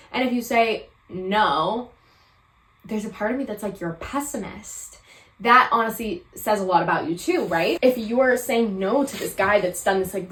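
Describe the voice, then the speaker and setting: A woman's voice: medium pitch, fairly bright tone. A woman in her twenties hosting a casual advice podcast, chatty and opinionated with lots of fillers. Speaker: podcast host. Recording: roomy echo.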